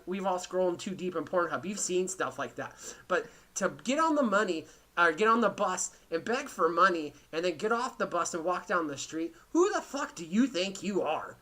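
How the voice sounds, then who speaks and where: A man's voice: high-pitched, animated, a little fast, pushed and bright. A man hosting a podcast, telling a rambling, profane story in casual chat. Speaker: podcast host.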